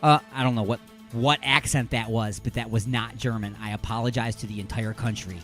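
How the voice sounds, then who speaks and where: Over soft background music, a man with a medium-pitched, fairly bright voice speaks fairly quickly with fairly even intonation. He hosts an internet radio show from a studio, reading out odd news stories with jokes, rambling, and self-mocking asides.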